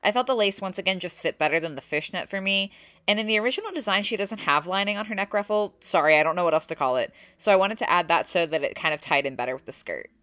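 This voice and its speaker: A young woman narrating her own drawing process in a soft-spoken, candid voice-over. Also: medium pitch, animated, quick pace. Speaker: artist vlogger.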